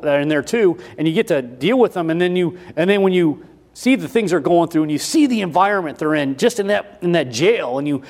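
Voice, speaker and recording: A man preaching a sermon in a folksy, repetitive way, switching between loud emphasis and quiet asides. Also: fairly high pitch. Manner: folksy, repeats himself with restarts.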